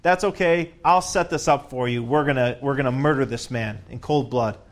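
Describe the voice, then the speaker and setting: A man's voice: medium pitch, normal speed. A man leading a Bible study, reading scripture aloud and breaking off for conversational asides and questions to the group. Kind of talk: reading scripture with casual commentary.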